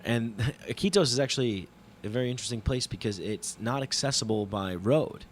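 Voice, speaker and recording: A man hosting a podcast, telling a travel story in a casual, animated and profane monologue that mocks himself. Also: mid-range voice, brisk, a little hiss or hum. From New York. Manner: profane, animated, self-mocking retelling.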